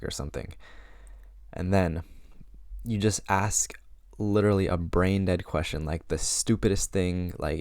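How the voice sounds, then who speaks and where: Young man, around eighteen, deep voice, casual advice vlog, filler-heavy, dry recording. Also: darkish tone, smooth, no echo. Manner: casual, filler-heavy, acts out sample lines. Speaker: vlogger giving social advice. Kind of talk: casual advice talk to camera.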